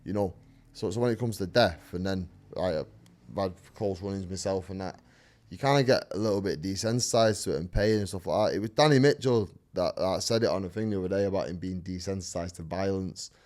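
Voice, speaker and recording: A man who fights bare-knuckle, talking in a casual interview, swearing freely and telling animated stories in which he acts out what people said. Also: low-pitched, brisk.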